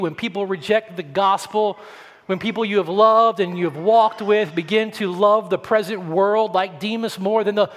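A man preaching a sermon as pastor, earnest, often repeating words as he starts a sentence. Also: high-pitched. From Atlanta, Georgia, US. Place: church sanctuary. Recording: long church-hall reverb.

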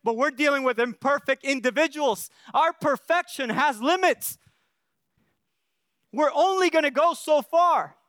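A man's voice: extremely high pitch, a little slow, a bit bright, dry recording, studio quality. A male pastor preaching a sermon in an earnest way, often checking in with the congregation and restarting his phrases.

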